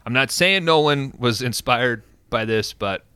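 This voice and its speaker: Bright, crisp-voiced man recapping a film. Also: mid-range voice, measured pace, no room sound. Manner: excited and profane, animated storytelling. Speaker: podcast host.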